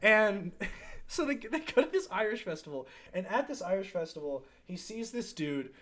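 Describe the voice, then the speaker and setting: Lively young adult, swearing and laughing. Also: medium pitch, moderate pace. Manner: profane, laughs often, acts out quotes. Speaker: podcast host. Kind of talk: casual chat, retelling a movie plot.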